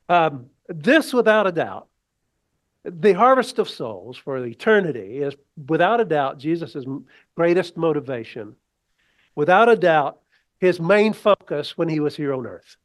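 A man's voice: on the high side, very animated, measured pace, dry recording. A man preaching a sermon as pastor, in a folksy, rambling way with many restarts.

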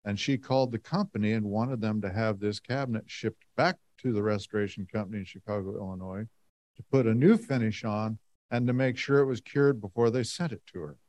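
A man's voice: lowish voice, fairly quick, a little mellow. A middle-aged man telling a long personal story to a church audience in a folksy, rambling way, full of "and, uh" fillers. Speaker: lay speaker giving a talk. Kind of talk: storytelling talk to a congregation.

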